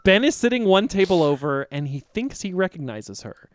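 A man's voice: high-pitched, very animated, moderate pace, dry recording. A man hosting and performing improv comedy, who talks in a rambling, earnest and playful way.

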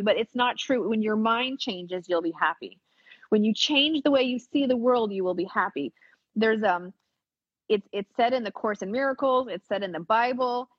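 A woman's voice: mid-range voice, husky, no echo. A woman explaining a forgiveness practice in casual podcast chat, earnest and frank, swearing now and then. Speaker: spiritual teacher. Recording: dull lo-fi recording.

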